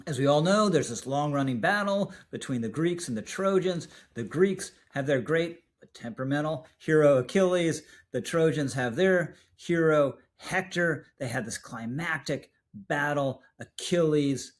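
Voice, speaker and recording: A man giving scripted political video commentary, measured and emphatic, slowing down to stress key words. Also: fairly high pitch, expressive.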